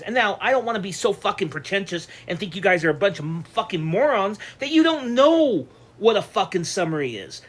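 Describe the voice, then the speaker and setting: A channel host delivering a heated, profanity-laden rant, swearing constantly and hammering the same point over and over. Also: mid-range voice. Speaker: online reviewer and channel host. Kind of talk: profane ranting vlog monologue.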